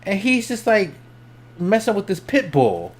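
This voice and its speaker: Swearing, animated male streamer. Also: high-pitched, unhurried. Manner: animated, swears freely, voice jumps up when excited; laughs between lines. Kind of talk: casual storytelling.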